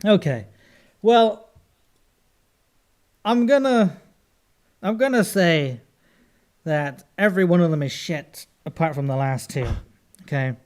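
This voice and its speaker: A man co-hosting a casual comedy podcast, rambling and hesitant as he overthinks his guesses out loud. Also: a little high, animated, takes it slowly, pauses often. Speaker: podcast co-host, guessing player. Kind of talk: casual banter.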